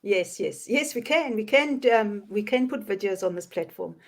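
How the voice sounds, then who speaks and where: A woman hosting a casual online chat over a video call, bubbly and quick to laugh. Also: medium pitch, animated. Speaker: host.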